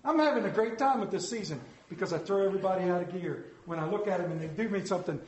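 A man preaching a storytelling sermon, animated and playful, acting out voices in his anecdotes. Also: high-pitched, fast, a little hiss or hum. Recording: echoey room.

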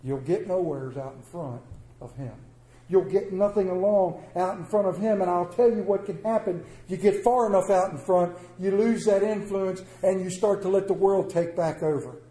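A man with a high voice delivers a sermon in a folksy, conversational manner, acting out little quoted asides. His tone is dark and mellow. The room around him is echoey. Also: normal speed. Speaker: preacher.

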